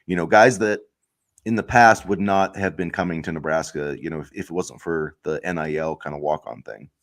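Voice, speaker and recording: A man's voice: low voice, fairly even intonation, brisk. A man co-hosting a casual sports chat podcast, ranting heatedly with lots of filler words. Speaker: podcast co-host.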